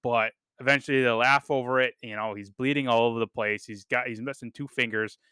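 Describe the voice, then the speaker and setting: Male podcast host, casual enthusiastic reviewer, filler-heavy delivery; bright, smooth tone. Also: mid-range voice, steady tone, a little fast, no room sound, clean studio sound. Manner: rambling, enthusiastic, many fillers and casual swearing. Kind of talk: casual chat.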